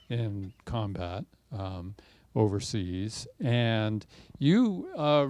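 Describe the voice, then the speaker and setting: A man interviewing an author, setting up questions in a measured way with a lot of hesitation. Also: medium pitch, gravelly, a little mellow, no room sound.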